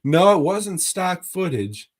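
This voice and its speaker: This male co-host has a high, sing-song voice and a slow pace. He chats casually and profanely about films on a podcast, drifting along in a laid-back, rambling style.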